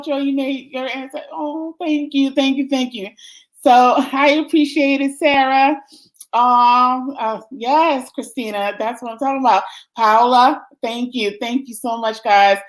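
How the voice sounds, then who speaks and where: A woman's voice: mid-range voice, low-quality recording. A woman hosting a livestream summit, giving closing remarks in an effusive, grateful way and laughing often. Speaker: summit host.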